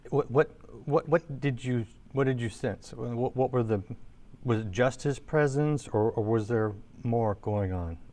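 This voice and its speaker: A man's voice: mid-range voice, measured pace, mellow. A man hosting a talk show, asking probing questions and stammering over repeated words as he starts them. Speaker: host.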